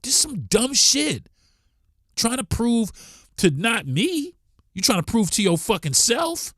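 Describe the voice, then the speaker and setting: A man's voice: very high-pitched, big pitch swings, slow pace, a bit bright, dry recording, clean studio sound. A man hosting a podcast, delivering a blunt, profane, heated monologue. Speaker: podcast host.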